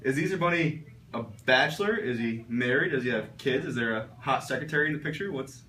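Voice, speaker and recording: A man's voice: medium pitch, lively intonation, a little fast, bright, forceful tone. A young man playing a jokey student interviewer who probes with hesitant fillers in a comedy sketch. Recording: roomy echo, far from mic, faint ambience.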